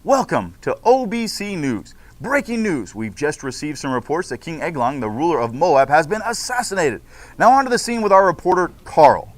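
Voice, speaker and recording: A man's voice: on the high side, very animated, normal speed. A man reading a female news anchor. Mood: formal.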